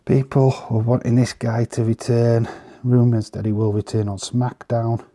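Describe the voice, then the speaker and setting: A man casually commenting on trading cards in an easygoing, chatty way, pausing often with fillers. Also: mid-range voice, level tone, warm tone. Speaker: vlogger showing trading cards.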